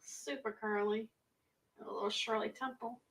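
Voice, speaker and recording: A woman's voice: a little high, fairly even intonation, normal speed, fairly bright tone. A woman co-hosting a casual livestream, trading playful, teasing banter.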